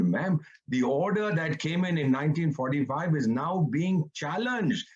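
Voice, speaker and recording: A man's voice: medium pitch, husky, dull audio. A man in his seventies giving a sarcastic, theatrical panel talk with mocking asides, over a video call. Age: 70s. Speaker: retired ambassador, panelist.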